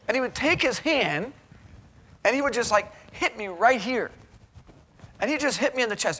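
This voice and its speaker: A man with a very high, bright voice delivers a chapel sermon. He speaks earnestly and exhorts his listeners. He drives his points home with rhetorical questions. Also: expressive, a little fast, slight background noise. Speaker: preacher. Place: college chapel.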